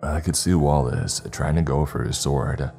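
A man voicing a protective, grizzled male demon hunter in a horror story reading, speaking in a hushed, firm, urgent way. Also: rumbling low, fairly even intonation, normal speed, faint music behind.

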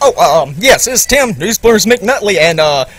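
A man's voice: high voice, sing-song, a little slow, a bit bright, husky, a faint crowd, exaggerated voice. A man playing a bumbling newsman co-host who hesitates constantly with uh and um. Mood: flustered. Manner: hesitant, full of uh and um.

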